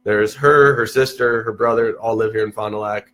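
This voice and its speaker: A young man tells stories in a relaxed chat. His voice sits fairly low. He keeps restarting his sentences and jumps up in pitch when he acts out what others said. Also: normal speed. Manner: animated, restarts often, acts out quotes in a higher voice. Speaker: podcast guest. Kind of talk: casual storytelling chat.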